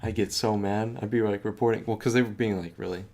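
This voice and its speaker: A man's voice: lowish voice, fairly even intonation, fast talker, a little mellow. A man casually retelling a movie he watched, swearing a lot, laughing and acting out the characters' lines. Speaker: podcast co-host.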